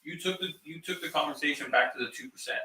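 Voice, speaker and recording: A man's voice: a little high, quick pace, sharp tone, recorded from a distance. A man hosting a casual podcast chat, teasing and interrupting his guest with plenty of swearing. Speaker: podcast host. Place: garage. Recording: roomy garage, off-mic.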